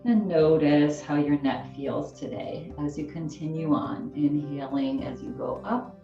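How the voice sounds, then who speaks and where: A woman leading a gentle chair yoga class, giving soft, slow, soothing cues for breathing and stretching. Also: low voice, echoey room, recorded from a distance, muffled recording, soft background music.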